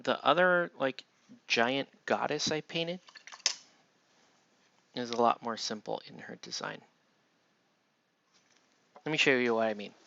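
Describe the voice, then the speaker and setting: A man's voice: mid-range voice, measured pace, gravelly, pauses often, sharp tone, highs cut off. A man chatting casually on a live stream while he paints, murmuring half to himself and talking to viewers between brushstrokes.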